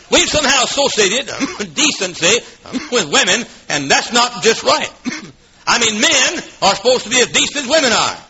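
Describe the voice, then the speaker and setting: Fiery preacher man, bright and high. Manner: shouting, swinging from booming to hushed, with coughs. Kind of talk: fiery revival sermon. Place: church. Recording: dull lo-fi old recording.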